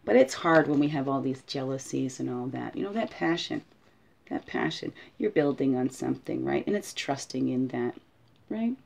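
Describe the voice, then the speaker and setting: Her voice is rumbling low, creaky, and darkish, yet her intonation is lively and her pace moderate. As a spiritual guide she muses aloud in a casual, reflective talk, often finishing sentences with "right?"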